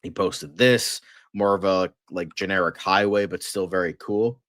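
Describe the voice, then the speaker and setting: A man with a fairly low voice hosts a loose news livestream, chatting excitedly and swearing often. He rambles with plenty of fillers, and his voice sounds dry and close, with no room echo. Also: moderate pace. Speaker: host of a fan news livestream. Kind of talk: casual livestream news chat.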